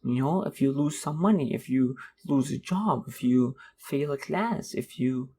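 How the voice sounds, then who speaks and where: Young male podcast host, rambling sarcastic monologue, middle pitch, faint noise behind. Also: expressive, measured pace, mellow. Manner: rambling, sarcastic rant with mocking put-on voices. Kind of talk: casual monologue.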